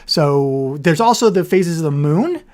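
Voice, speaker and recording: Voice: medium pitch, animated, a little slow, darkish tone. A livestream host of a board game show, chatting casually and rambling with frequent self-corrections. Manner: says their voice turns nasal on camera.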